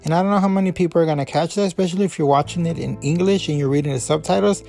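A man's voice: on the high side, rapid-fire, gravelly, darkish tone, faint music behind. A man hosting a podcast, giving a loose, rambling review full of fillers and restarts, a Spanish speaker. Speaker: podcast host. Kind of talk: casual review talk.

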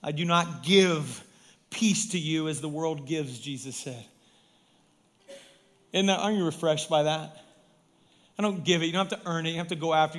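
A man, a pastor, preaching a sermon in an emphatic way, swinging from loud stresses down to hushed, quiet lines. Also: on the high side.

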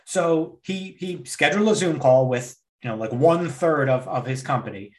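A man's voice: a little high, normal speed. A man co-hosting a podcast, ranting heatedly in casual chat with lots of swearing. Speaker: podcast co-host.

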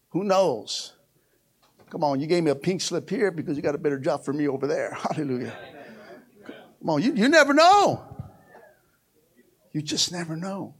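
A male pastor preaching a sermon in a church with call-and-response phrases. He swings between loud exclamations and quiet, low passages, and often laughs. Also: animated, moderate pace, long pauses, breathy edge. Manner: call-and-response preaching, frequent "come on" and "amen"; laughs often, playful asides. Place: church sanctuary.

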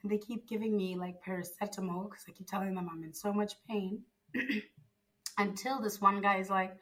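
Bright-voiced young woman telling her story. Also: mid-range voice, normal speed, poor audio. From Zimbabwe. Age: young adult. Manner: animated storyteller, acts out quoted dialogue, frequent fillers. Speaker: guest. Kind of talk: casual storytelling interview.

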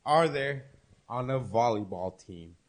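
A man's voice: mid-range voice, expressive, measured pace. A man hosting a trivia bit, teasing and swearing in loose casual banter, dropping bits of Spanish slang. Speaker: trivia host. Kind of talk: rowdy casual street banter.

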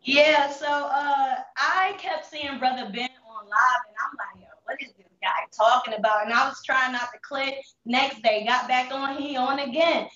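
High-voiced woman telling her story candidly. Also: bright, forceful tone, reverberant, recorded from a distance, highs cut off. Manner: candid street slang, halting restarts. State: holding back tears. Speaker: interview guest. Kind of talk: emotional personal testimony.

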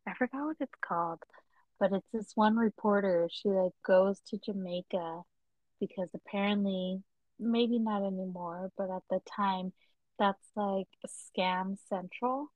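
A woman's voice: mid-range voice, measured pace, dry recording, phone-quality sound. A woman co-hosting a podcast in casual chat, chatty, laughing often and acting out the voices of people she quotes. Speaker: podcast co-host.

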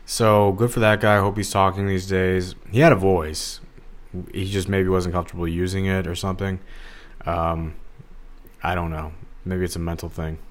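A man's voice: low voice, flat delivery, moderate pace. A man hosting a solo podcast, talking in a rambling, digressive, casual way with lots of fillers. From Los Angeles area. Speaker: podcast host.

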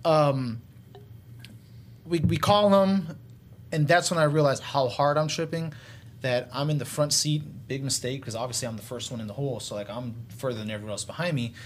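A young man casually telling a long story among friends, animated and laid-back, with drawn-out asides. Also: medium pitch, a little hiss or hum. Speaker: guest storyteller.

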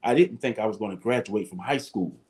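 A man, telling casual stories as a guest, animated and salty-tongued. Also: fairly low pitch, brisk. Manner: animated, swears casually, acts out voices. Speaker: guest, former football player. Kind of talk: casual storytelling.

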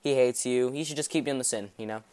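A man voicing the devil as a scornful male tempter who taunts in slow, mocking lines during a podcast sermon. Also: mid-range voice, a little mellow, clear, resonant tone, no room sound, lightly acted. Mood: taunting.

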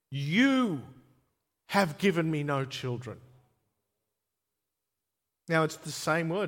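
A man preaching a sermon in a slightly higher voice, bringing scripture to life with slow, emphatic delivery. His voice rings with the long reverb of a church hall. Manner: expressive, dramatizes scripture quotes with emphatic slowing. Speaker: pastor.

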